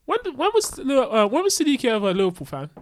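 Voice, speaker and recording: A parent chatting casually among friends, talking emphatically in slang. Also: female voice, fairly high pitch, wildly swooping pitch, fast. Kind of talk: casual chat.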